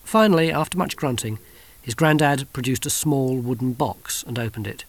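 A man reading a novel aloud in measured, wry audiobook narration. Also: medium pitch, no echo.

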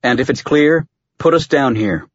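A man's voice: medium pitch, expressive, normal speed, no room sound, dull audio, lightly acted. A man voicing a tough female super-soldier who gives curt, commanding orders.

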